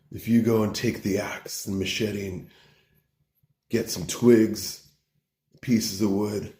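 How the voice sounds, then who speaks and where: A man's voice: fairly low pitch, dark tone, natural voice. A man voicing a loyal, panicky young male hunter who talks in slang, calling everyone bro and dude. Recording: roomy echo.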